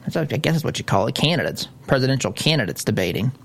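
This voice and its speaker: A man's voice: medium pitch, very animated, fast, vocal fry, a bit bright, slightly rough. A man hosting a political talk radio show, delivering an indignant, sarcastic monologue.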